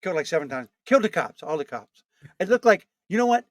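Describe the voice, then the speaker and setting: A pompous, rambling old politician , as a comedian puts him on, who brags about himself and complains that nobody has it worse. The voice sits a little high and is recorded dry and close. The delivery keeps circling back to the same boasts. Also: male voice, big pitch swings, fast talker, no room sound. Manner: bragging, rambling, self-pitying. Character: boastful blustering older male politician. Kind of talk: comic impression.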